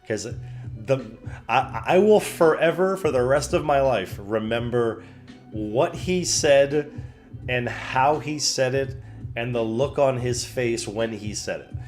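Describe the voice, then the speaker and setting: A young man streaming from home, casually telling a story and acting out the other people's voices with big pitch jumps. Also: slow pace. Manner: animated, acts out quotes with pitch jumps. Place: home room. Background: soft background music.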